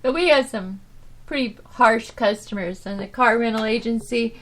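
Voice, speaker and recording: Rambling, animated woman telling work stories. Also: fairly high pitch, moderate pace. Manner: rambling, with many restarts and "you know"s; animated, swinging from loud to soft. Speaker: podcast host. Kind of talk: casual storytelling monologue.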